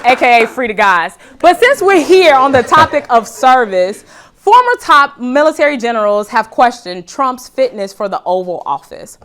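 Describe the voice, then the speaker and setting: Brief: woman talk show host, playful comedic monologue, slightly high pitch. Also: sing-song, normal speed, a bit bright. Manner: joking, addresses audience as y'all. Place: studio with live audience.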